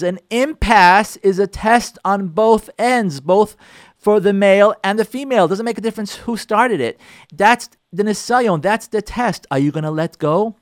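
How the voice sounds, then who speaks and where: Man, rabbi, sermon-style talk, high voice, very lively pitch, emphatic, repetitive. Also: no echo, clean studio sound. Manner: emphatic, repetitive, acts out spouses' quarrels.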